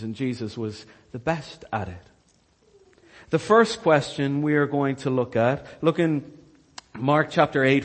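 A man preaching a sermon, telling Bible stories with animated, rising energy at the dramatic parts. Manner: animated storytelling, rising in pitch and volume at dramatic retellings. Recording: long hall reverb.

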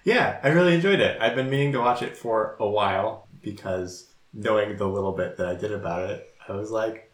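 A man's voice: on the low side, a little fast, roomy sound. A man co-hosting a podcast in casual chat, chatty and laughing often. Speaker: podcast co-host.

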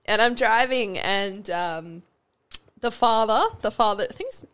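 A woman's voice: mid-range voice, a little slow, clear, resonant tone. Chatty young Australian woman storyteller. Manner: animated and giggly, peppered with swearing and fillers. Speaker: podcast guest.

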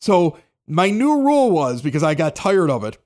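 Somewhat high, very animated and a little mellow, this man's voice moves at normal speed. He's a podcast host in his forties who mixes local announcements with casual, rambling stories, performing the quoted voices.

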